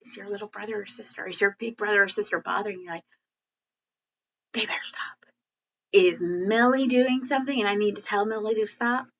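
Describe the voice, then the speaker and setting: A woman teacher giving a classroom lesson in a chatty, animated way, acting out example sentences. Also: mid-range voice, fast talker, few pauses, poor audio.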